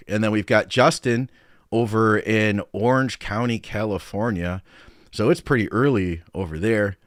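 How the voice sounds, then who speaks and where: A man's voice: lowish voice, no echo, studio quality. A middle-aged American man hosting a live podcast stream, greeting viewers and reading comments in an upbeat, chatty way. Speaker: podcast host and coach. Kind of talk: casual live-stream chat.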